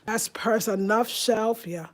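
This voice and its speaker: Excited chatty woman live-streaming at home. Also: a little high, takes it slowly. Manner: excited, chatty, addresses viewers as y'all. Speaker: home design channel host. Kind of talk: live-stream chat with viewers. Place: her own rented home, indoors.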